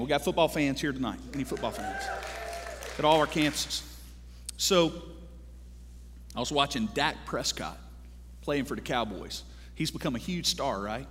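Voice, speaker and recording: A man in his thirties preaching a sermon to a congregation, animated and joking, calling out to the crowd for responses. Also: medium pitch, husky. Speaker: pastor. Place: large church hall. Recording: long hall reverb from a church.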